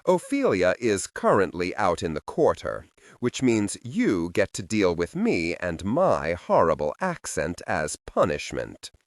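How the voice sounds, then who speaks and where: A man's voice: low-pitched, huge pitch swings, a little slow, no room sound, heavily acted. A man voicing a smug, protective male demon with a Southern drawl, dry and pointed. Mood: wry.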